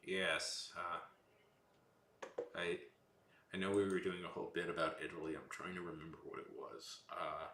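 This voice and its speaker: A man's voice: deep voice, steady tone, moderate pace, long pauses, a bit bright, reverberant, slight background noise. A man streaming while he draws, chatting casually with his viewers in a rambling, playful, joking way. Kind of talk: casual livestream chat.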